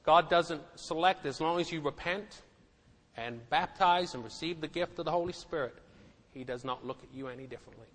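A man's voice: fairly high pitch, fairly quick, a bit bright. A middle-aged man preaching a sermon, emphatic and given to repeating words and asking the congregation questions. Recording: echoey hall.

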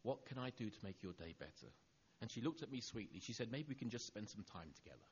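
A middle-aged male preacher tells a personal story from the pulpit, acting out each line of dialogue. His husky voice moves freely up and down in pitch and sinks quiet on the tender moments. The recording is dull and lo-fi. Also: fast talker. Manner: animated storyteller acting out dialogue, dropping soft for tender lines. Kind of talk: sermon storytelling.

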